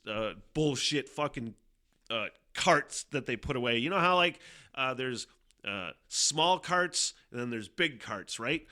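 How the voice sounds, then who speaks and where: A man's voice: mid-range voice, bright, forceful tone. A man hosting a podcast alone, telling a rambling, swear-heavy story and laughing often as he goes. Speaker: podcast host. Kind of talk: casual solo storytelling.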